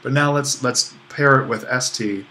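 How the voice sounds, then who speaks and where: Step by step and in a relaxed way, a Greek language instructor covers Greek accents in a recorded online lesson, using fillers and self-deprecating asides. He talks at normal speed in a medium-pitched voice that's bright and forceful.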